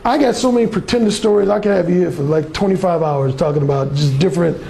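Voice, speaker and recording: High gravelly man telling blunt stories. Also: fast talker, dark tone, slight background noise. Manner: bold, blunt, swaggering, lots of cursing. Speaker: dating coach speaking to a class. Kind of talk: profane storytelling lecture.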